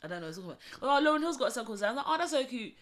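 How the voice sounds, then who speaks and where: Woman in her 30s chatting on a podcast, bright voice a bit high, tells stories with big swings. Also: racing. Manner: animated storyteller, swears emphatically. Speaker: podcast guest. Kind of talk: casual chat.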